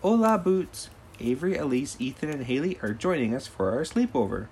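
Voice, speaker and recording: A man voicing a cheerful little girl explorer while reading a storybook aloud, calling out in a bright, sing-song way. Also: medium pitch, sing-song, a little fast, slight background noise, pitched above the performer's own voice.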